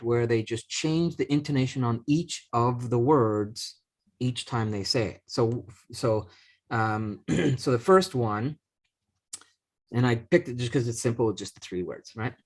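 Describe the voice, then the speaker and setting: A man's voice: medium pitch, a little mellow. A middle-aged man hosting a casual chat, rambling with many restarts and fillers. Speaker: podcast host.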